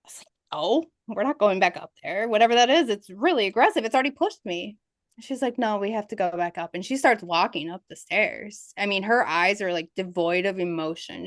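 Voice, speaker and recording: A woman's voice: medium pitch, a bit bright, no echo, studio quality. A woman, a ghost investigator guest, telling her experiences as a vivid storyteller who laughs through the tense moments. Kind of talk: interview storytelling.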